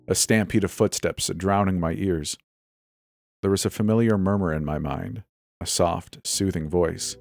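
Deep male horror narrator, measured and dramatic, soft music bed. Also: steady tone. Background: faint music.

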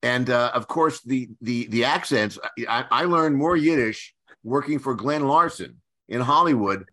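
Bright-voiced older man telling stories. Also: medium pitch, lively intonation. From Philadelphia area, USA. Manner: halting, with many restarts and fillers. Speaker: guest screenwriter. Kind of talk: anecdotal storytelling.

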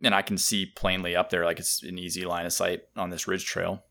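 Low-voiced, laid-back man. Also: level tone, fairly quick, vocal fry, bright, forceful tone. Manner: laid-back storytelling, quotes people he met. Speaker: podcast co-host. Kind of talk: casual chat.

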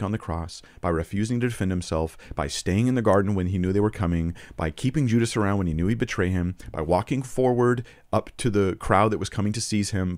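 A man's voice: low-pitched, a little mellow, no echo. A man giving an earnest, argumentative spoken commentary for a video, quoting scripture and often restarting his phrases. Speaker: Christian apologetics video presenter.

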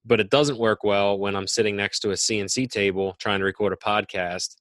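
A man's voice: fairly low pitch, steady tone, fairly quick, a bit bright, no room sound. A man co-hosting a podcast, speaking casually and hesitantly with many fillers. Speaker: podcast co-host.

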